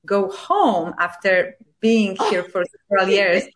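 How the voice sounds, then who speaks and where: Polish-accented woman guest, speaks in a measured, reflective way. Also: medium pitch, sing-song. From Poland. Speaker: success coach and speaker. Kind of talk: podcast guest conversation.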